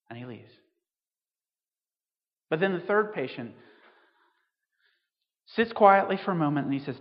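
A man's voice: medium pitch, expressive, normal speed, long pauses, big-room sound, muffled recording. A man preaching a sermon as a vicar, earnest and storytelling, building to emphatic points.

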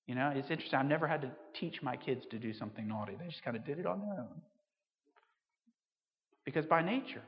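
A man's voice: medium pitch, animated, fast talker, pauses often, in a large hall, dull audio. A man preaching a sermon as a vicar, earnest and storytelling, building to emphatic points.

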